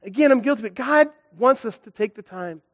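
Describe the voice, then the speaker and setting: Young guy preaching, high voice, really animated, acts out the stories. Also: fairly quick, muffled recording. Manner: animated, acts out stories with big pitch swings. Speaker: guest preacher. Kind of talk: sermon.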